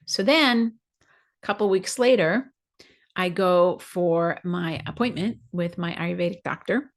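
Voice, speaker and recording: A woman's voice: on the low side, moderate pace. A woman hosting a podcast, telling a personal story in a conversational way, acting out her own thoughts as quoted asides. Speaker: podcast host.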